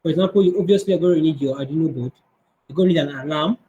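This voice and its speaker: A man's voice: on the high side, racing, dark tone, dull audio. Man teaching an online coding class. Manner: conversational, answers questions, restarts often. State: strained voice. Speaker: coding instructor.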